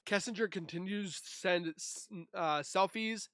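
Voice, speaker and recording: Guy w/ a pretty high voice reading a timeline out loud, snarky little comments between, faint music under it. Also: measured pace. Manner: sarcastic, scornful asides. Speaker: true crime YouTuber.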